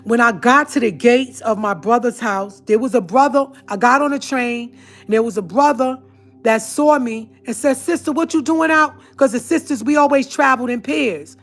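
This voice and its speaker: A woman's voice: a little high, normal speed. A woman telling a personal story to her viewers, speaking in an earnest, emphatic way. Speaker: vlogger.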